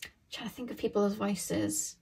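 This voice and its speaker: A woman's voice: medium pitch, sing-song, moderate pace, a little mellow, slightly rough. A woman giving a casual pick-a-card tarot reading to her viewers, rambling and thinking aloud with lots of filler words.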